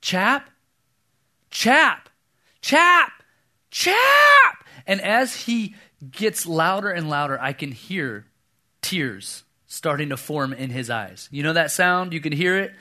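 Bright-voiced man preaching a sermon. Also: a little high, unhurried. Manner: animated storyteller, acts out voices, drops to a hush for quoted lines. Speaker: pastor. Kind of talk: sermon with a personal story.

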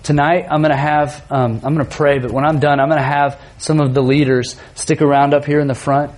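A man in his thirties preaching a sermon to students, earnest, moving between emphatic stretches and soft, tender storytelling. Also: a little high, level tone, a little fast. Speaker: youth pastor.

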